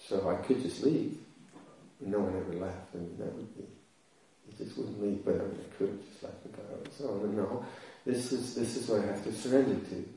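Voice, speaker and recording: A Buddhist monk gives a dharma talk built around a humorous, self-deprecating personal story, with frequent laughter. His lowish voice is warm and creaky, fairly quick, and he sounds distant in an echoey hall with slight background noise.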